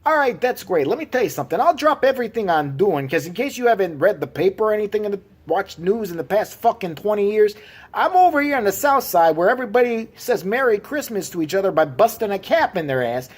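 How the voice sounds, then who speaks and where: Man putting on a foul-mouthed, fed-up big-city cop, sarcastic, a bit higher. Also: sing-song, quick pace. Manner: mocking, profane rant. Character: gruff sarcastic male Chicago cop, fed up.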